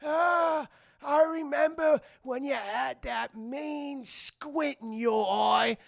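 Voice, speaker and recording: A man voicing an ancient, half-blind male rat cabin boy who doddles and shouts in drawn-out, shrill phrases. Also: vocal fry, heavily acted. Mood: excited.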